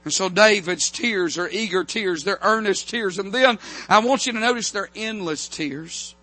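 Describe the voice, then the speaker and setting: A man preaching a revival sermon from a church pulpit, fervent, with frequent amens and slow, drawn-out scripture quotes. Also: high voice, bright, forceful tone. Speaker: pastor.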